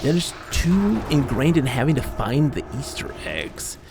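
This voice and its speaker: A man streaming a game, rambling and poking fun at himself in lively, up-and-down speech. His voice has a gravelly edge, with a faint hiss behind it. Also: mid-range voice, measured pace. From Michigan, USA. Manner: rambling, animated, self-deprecating. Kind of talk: casual livestream chat while gaming.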